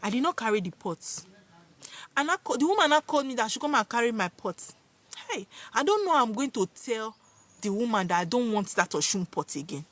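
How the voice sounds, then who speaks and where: Lively high-voiced Nigerian woman. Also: fairly quick. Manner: expressive, dramatic, Pidgin-laced storytelling. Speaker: vlogger. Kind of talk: personal storytelling to viewers.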